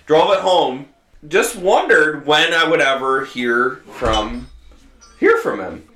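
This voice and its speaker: A man's voice: fairly high pitch, slow, faint music behind. A man hosting a farming podcast, telling stories in a casual, swear-heavy way. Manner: profane, animated storyteller. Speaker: podcast host and farmer. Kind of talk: casual storytelling chat. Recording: roomy echo.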